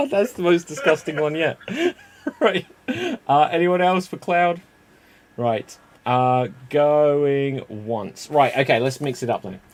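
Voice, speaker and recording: A man's voice: on the high side, big pitch swings, a little slow. A man hosting improv comedy games, chatty and laughing often. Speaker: improv game host.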